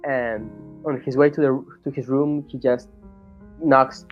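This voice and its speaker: A tabletop player describing their character's actions in a halting way, with many fillers. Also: medium pitch, steady tone, lo-fi sound, faint music behind. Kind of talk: tabletop role-play.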